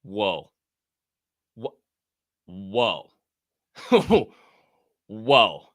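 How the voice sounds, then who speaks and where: A man hosting a casual livestream podcast, chatting and reading an ad in a rambling, profane way from a warm room at home. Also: lowish voice, very animated, very slow, no echo, studio quality. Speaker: podcast host.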